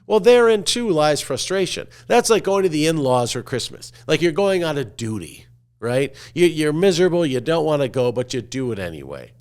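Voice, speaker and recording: A man hosting a podcast, telling a slow guided-imagery story and dropping to a hushed, low voice at the ends of phrases. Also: very animated. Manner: slow, coaxing, asks listener to picture scenes. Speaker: podcast host.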